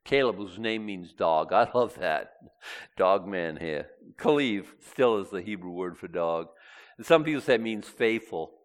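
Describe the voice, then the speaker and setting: A man preaching a sermon, reading scripture aloud and swinging between loud and hushed delivery. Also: deep voice, expressive, measured pace.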